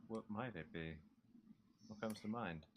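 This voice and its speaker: A man playing a tabletop game, thinking aloud calmly as he plays his character. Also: fairly low pitch, measured pace. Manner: calm, musing, thinks aloud. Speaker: player. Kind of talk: casual tabletop game chat.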